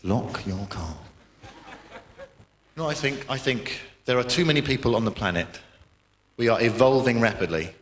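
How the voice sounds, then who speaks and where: A man's voice: mid-range voice, expressive, a little fast, fairly bright tone, slight background noise. Man, stand-up comedian, from Britain, sardonic and profane, mid-range voice, live hall recording. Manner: sardonic, profane, rambling asides. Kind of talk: stand-up routine. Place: comedy venue with live audience. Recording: echoey live venue, audience laughter.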